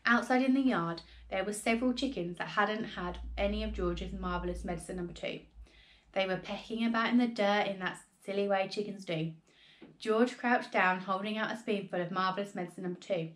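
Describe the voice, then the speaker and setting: A woman teacher reading a children's book aloud with expressive storytelling. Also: medium pitch, fairly quick.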